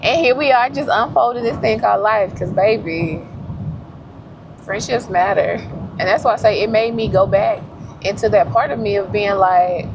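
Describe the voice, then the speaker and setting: A woman's voice: mid-range voice, moderate pace, creaky, noisy background. A woman chatting casually and reflectively as a vlogger while driving, laughing often. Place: in a car.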